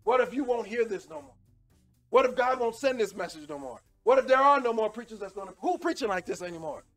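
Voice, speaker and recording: A man delivers a fiery sermon in a very high, piercing voice that rings bright and tense. He hammers his points through repetition, rising to shouts and dropping to near-whispered pleas. Faint music plays behind him. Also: lively intonation, fast. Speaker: preacher.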